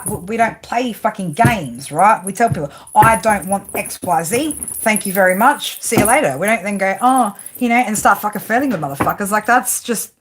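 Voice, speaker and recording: Over some background noise, a tarot reader with a mid-range voice reads cards live for her viewers. She's blunt, swears nonstop, and keeps tacking "right?" onto what she says.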